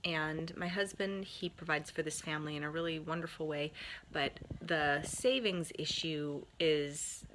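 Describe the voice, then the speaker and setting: A woman, a mom chatting casually with a bubbly, laughing, energetic manner. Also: low voice, unhurried, a little hiss or hum. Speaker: mom sharing family tips. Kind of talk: casual chat to camera.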